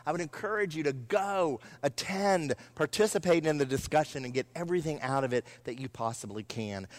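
A middle-aged man preaching a sermon to his church as one of its pastors, earnest, with shifting pace and emphasis. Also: fairly high pitch. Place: church sanctuary.

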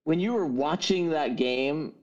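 A man's voice: a little high, unhurried, a little mellow. A man chatting casually and joking on a podcast video call. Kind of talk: casual chat. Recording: dull lo-fi call audio.

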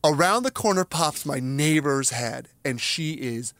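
A man on a podcast, telling a story in casual chat and swinging widely in pitch as he acts out each voice. His delivery is emphatic and animated, and he sounds dry and close to the mic with no room around him. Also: a little slow, no echo. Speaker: podcast co-host.

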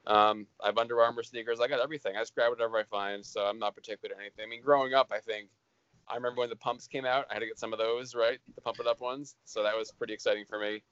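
A man chats with friends in a loose, teasing way, quick to joke. His voice sits mid-range and sounds close and dry, with no room around it. The recording is dull and lo-fi. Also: medium pitch, steady tone, fairly bright tone, clear, resonant tone, no room sound. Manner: jokey, teasing, quick banter. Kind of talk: casual chat among friends.

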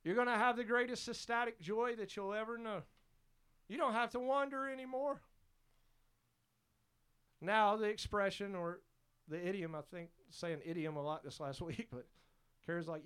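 A man's voice: high-pitched, moderate pace, a bit bright, clear, resonant tone. A man preaching a sermon as pastor, fervent and emphatic, repeating his exhortations.

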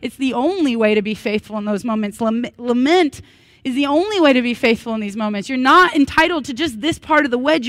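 A woman in her thirties delivers a sermon at a church worship service. Her voice sits a bit high, and the sound is dry with little room around it. She speaks earnestly and breaks into animated, humorous asides. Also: no echo. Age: 30s. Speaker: pastor.

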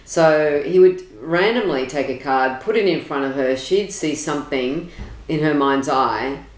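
A woman's voice: low voice, unhurried. A woman, an astrologer, telling her story at length in a chatty, rambling way with frequent ums. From Australia. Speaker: astrologer guest. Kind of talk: casual storytelling interview. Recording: roomy echo.

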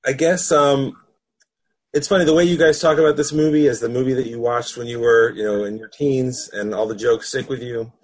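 A man talking frankly about films in a casual podcast conversation, measured and quick to laugh. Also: mid-range voice, fairly even intonation, breathy edge. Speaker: panel guest.

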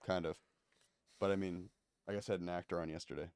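A man hosting a podcast, asking laid-back, quick questions in casual interview chat. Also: low-pitched, fairly even intonation, a little mellow, no echo, studio quality. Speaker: podcast host.

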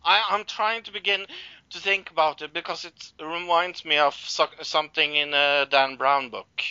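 A man recapping a show in casual chat, halting, with many fillers and acted-out quotes. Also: fairly high pitch, fairly even intonation, bright, forceful tone, clear, resonant tone, no echo, lo-fi sound. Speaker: podcast co-host recapping a show.

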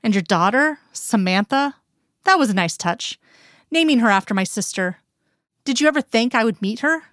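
A woman voicing a hurt, bitterly angry grown man who turns soft and tender, read in her own higher voice in a dry room. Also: animated, moderate pace, no room sound. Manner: accusing, then pleading softly.

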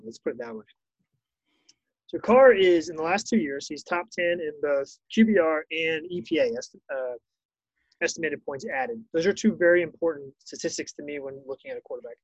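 Man, slightly high voice, blunt sports podcast talk, dry lo-fi sound. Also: no echo. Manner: blunt, swears casually. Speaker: podcast co-host. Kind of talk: casual sports podcast chat. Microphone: wireless earbuds, then switched mic. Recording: dull, dry lo-fi audio.

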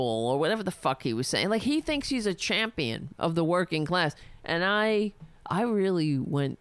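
A woman's voice: on the low side, very animated, moderate pace, clean tone, no room sound. A woman delivering a heated, sarcastic, profane political rant, speaking for herself. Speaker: political commentator.

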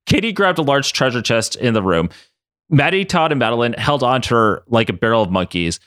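A man's voice: medium pitch, a little fast, no echo, clean studio sound. Man narrating a playful comedic story. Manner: playful, animated, laughing often. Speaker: podcast host.

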